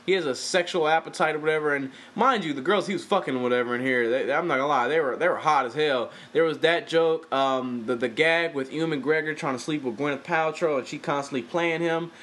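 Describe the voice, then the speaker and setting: A man's voice: a little high, a little fast, hardly any pauses, fairly bright tone. A man giving a casual, profane, exasperated film review, talking animatedly and swearing freely.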